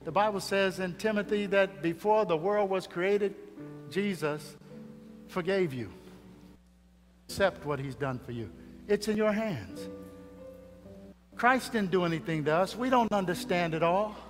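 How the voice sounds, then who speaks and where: Dramatic preacher in an echoing hall. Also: male voice, high-pitched, measured pace, long pauses. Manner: dramatic, swinging between hushed and loud. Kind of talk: funeral sermon. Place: church funeral service. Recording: reverberant hall with faint music.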